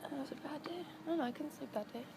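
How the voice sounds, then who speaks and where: A woman's voice: sits high, racing. A woman in a documentary interview, emotionally retelling the day she learned her friend had died. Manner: emotional, breathless storytelling. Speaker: friend of the deceased. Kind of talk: documentary interview, recounting a loss. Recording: noisy interview recording.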